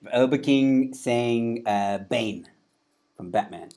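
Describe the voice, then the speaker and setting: A man's voice: mid-range voice, slow pace, dark tone. A man hosting a casual chat, self-mocking and giggly as he attempts voices. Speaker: comedian host. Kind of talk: casual chat doing impressions.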